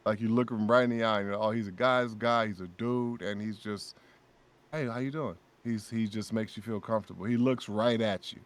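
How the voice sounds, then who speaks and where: A man guesting on a casual podcast, telling lively stories and acting out what his friends said. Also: fairly low pitch, a little fast. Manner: animated storyteller who acts out friends' lines. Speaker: guest voice actor.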